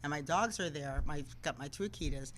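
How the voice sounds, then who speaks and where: Animated woman telling stories as a guest. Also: low-pitched, fairly quick, slight background noise, poor audio. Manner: animated, acts out quoted voices. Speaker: guest, TV news anchor. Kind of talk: casual interview storytelling.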